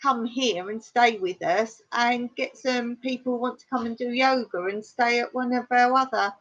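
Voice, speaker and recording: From a rural home in Cyprus, a middle-aged Englishwoman runs a relaxed live-stream chat, reading out viewer comments and laughing frequently. Her voice is on the high side and a bit bright, at normal speed, over dull lo-fi stream audio.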